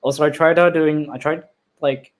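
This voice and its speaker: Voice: mid-range voice, steady tone, moderate pace. A young adult creator giving casual, profane commentary on their own old video, laughing at their past choices and swearing freely.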